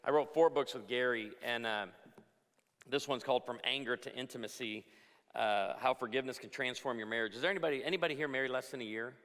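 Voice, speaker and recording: A man's voice: medium pitch, fast talker, fairly bright tone. A middle-aged male pastor giving a humorous, storytelling conference talk to a crowd. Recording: long hall reverb.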